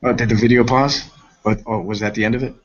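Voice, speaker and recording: A man on a casual group video call, making relaxed, offhand comments. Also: medium pitch, quick pace. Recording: muffled video call with faint noise.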